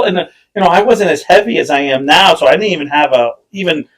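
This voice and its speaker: Male podcast co-host, casual and animated, swears freely, voice slightly high. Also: fast, hardly any pauses. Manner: animated storyteller, swears, laughs, acts out quotes. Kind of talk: casual chat.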